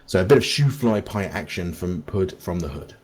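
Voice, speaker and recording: A man's voice: deep voice, animated, moderate pace, a little mellow, slightly rough. A man co-hosting a fan podcast, joking in a playful, theatrical way. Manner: jokey, theatrical. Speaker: podcast co-host.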